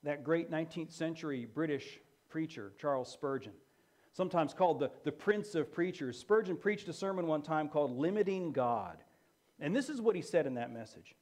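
A man's voice: on the high side, expressive, moderate pace, a little mellow. A man preaching a sermon as pastor, emphatic and repeating key phrases for effect.

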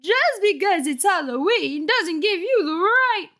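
A woman doing a shrill, outraged mother. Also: very animated, takes it slowly, fairly bright tone, exaggerated voice. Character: shrill angry mother, middle-aged woman.

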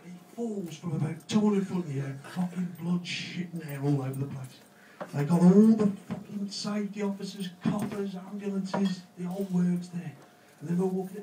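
Crude comic in a roomy hall. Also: male voice, sits high, normal speed, mellow. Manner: crude, swearing, laughs at his own jokes. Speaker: stand-up comedian. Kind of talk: stand-up joke telling. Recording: roomy, distant, noisy live recording.

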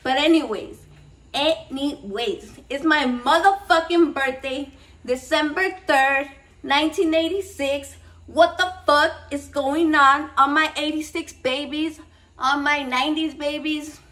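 A woman in her thirties with a high voice, rambling excitably to her viewers and swearing freely. She slips Spanish slang into her English and sounds a bit shaky. She sits a step back from the mic. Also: unhurried, recorded from a distance, poor audio. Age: 30s. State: a little shaky and nervous. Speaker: cooking vlog host. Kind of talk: casual rambling chat to camera.

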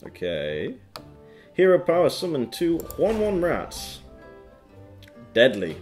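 A man's voice: on the high side, huge pitch swings, slow pace, faint music behind. Laid-back man narrating a card game. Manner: playful, reads card text aloud, goofy sound effects. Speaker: gaming channel host. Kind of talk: casual game commentary.

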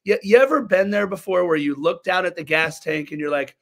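A hoarse man with a voice worn out from cheering, co-hosting a soccer fan podcast. His pitch runs slightly high for a man, and his stories ramble along with animated restarts. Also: a little fast, few pauses. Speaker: podcast co-host. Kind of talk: casual sports podcast chat.

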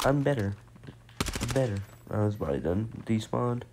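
Gravelly man commentating a shooter game. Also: fairly low pitch, a little fast, noisy background. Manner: excitable, self-mocking trash talk with slang. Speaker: gameplay streamer. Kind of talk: casual gameplay commentary. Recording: game gunfire and explosions behind the voice. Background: game gunfire and explosions.

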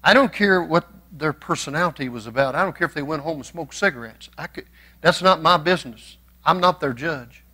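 A man preaching a church sermon, swinging from folksy storytelling to passionate shouting. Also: fairly high pitch, fairly quick. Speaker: pastor.

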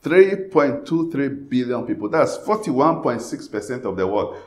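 A Ghanaian pastor delivers a sermon, alternating between loud, passionate outbursts and quiet, pleading moments. His mid-range voice moves through wide pitch swings at a moderate pace, and the recording sounds roomy.

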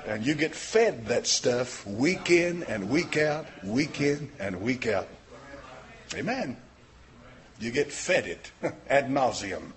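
An older man preaching a sermon in a folksy, plain-spoken way, rising from quiet talk to shouted fervor. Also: mid-range voice, lively intonation, slow. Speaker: pastor.

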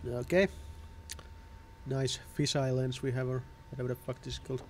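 A man's voice: mid-range voice, level tone, normal speed, a little mellow, slight background noise. A man doing casual let's-play commentary, sarcastic and swearing as he laughs at the game. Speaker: gameplay commentator.

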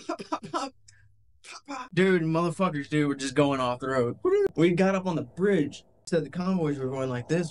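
Profane soldier, animated, faint hiss. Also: male voice, on the high side. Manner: profane, animated, laughs while telling. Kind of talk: casual war story. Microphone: handheld camcorder.

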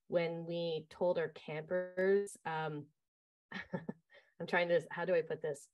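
A woman who runs a summer camp, telling stories casually in an interview, lively and full of fillers. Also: lowish voice, slow, muffled recording. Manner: lively, acts out quoted voices, many fillers.

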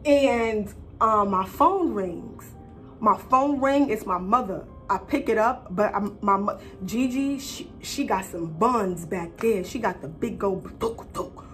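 A young woman vlogger telling a personal story in a casual, animated, profane and slangy way. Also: medium pitch.

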